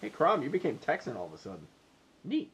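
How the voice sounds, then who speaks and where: A man's voice: medium pitch, huge pitch swings, fast, noisy background. A young man from New Jersey in casual, crude, joking banter while playing a video game. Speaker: gamer. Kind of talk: casual let's-play banter. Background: game music.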